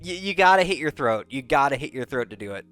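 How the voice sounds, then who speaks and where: A man's voice: medium pitch, animated, fast talker, a bit bright. A man telling a rambling, casual recap, full of fillers, restarts and laughter. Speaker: content creator. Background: faint background music.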